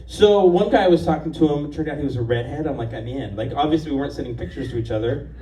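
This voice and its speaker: A Los Angeles-area stand-up comedian in his fifties tells stories on a bar stage, sounding chatty, confident and self-mocking. His voice is a little high with a dark tone and a quick pace. It's a live set picked up from a distant mic in an echoey bar room, with faint noise.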